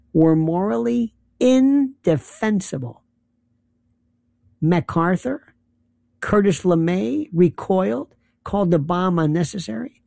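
A man's voice: sits high, creaky, warm tone, no room sound, studio quality. A man delivering an impassioned political monologue, firing off rhetorical questions and rambling as he gropes for names. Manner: heated, rhetorical, rambling, often searching for names.

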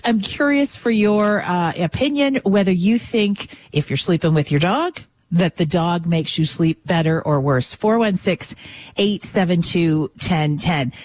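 A woman with a lowish voice hosts a call-in radio show. She talks in a chatty way and keeps putting questions to her listeners.

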